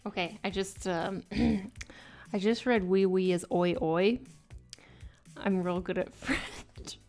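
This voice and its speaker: A woman streams live while drawing, chatting casually with viewers in a slow, mid-range voice with a darkish tone and fairly even intonation. She's chatty and self-mocking, laughing often and sometimes dropping to mutters, with faint music playing behind her.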